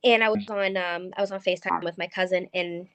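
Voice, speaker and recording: A woman's voice: on the low side, fairly even intonation, a little fast, a bit bright, dry recording. A woman telling a ghost story as a paranormal investigator guest, hesitant and full of ums and restarts. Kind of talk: recounting a ghost story in conversation.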